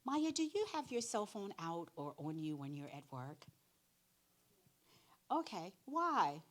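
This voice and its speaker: A middle-aged woman, her voice low and full in the chest. She tells stories in an animated way, putting on the voices of the other people, and gives frank advice in a direct, plain-spoken way. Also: moderate pace. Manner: animated storyteller, acts out both sides of conversations. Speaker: career readiness speaker. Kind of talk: church workshop talk with acted-out anecdotes.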